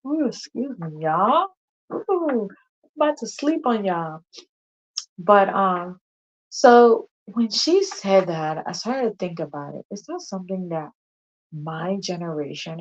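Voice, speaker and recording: A woman's voice: fairly low pitch, animated, slow pace. A woman hosting a casual talk show, chatting to listeners and posing rhetorical questions. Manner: conversational, asks rhetorical questions, addresses audience as y'all. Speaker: host. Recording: dull lo-fi sound.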